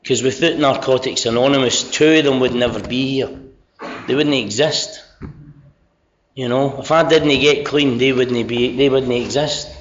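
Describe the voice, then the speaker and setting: A man's voice: medium pitch, fairly even intonation, normal speed, a little hiss or hum. Sweary middle-aged Scottish man sharing. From Scotland. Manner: sweary, self-mocking, earnest. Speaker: speaker sharing recovery story at a convention. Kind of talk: candid personal share. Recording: dull lo-fi convention recording.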